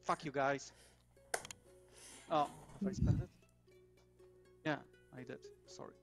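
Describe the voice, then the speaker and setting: A man playing in a tabletop game, swearing at the dice and talking in character to calm things down. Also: a little high, slow pace, creaky, soft background music. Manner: swears in frustration, placating in character. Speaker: player. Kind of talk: casual tabletop play.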